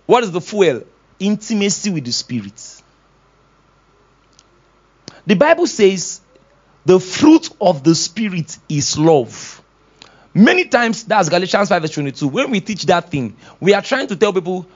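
Pastor, man; high, animated preaching that acts out scenes and voices, laughs often; slightly dull lo-fi recording. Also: measured pace, long pauses. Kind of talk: sermon. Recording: dull lo-fi sound.

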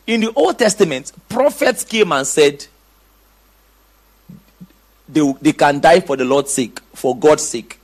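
A man's voice: a little high, expressive, slow pace, pauses often. A middle-aged man preaching a sermon, reading scripture aloud and asking his congregation questions.

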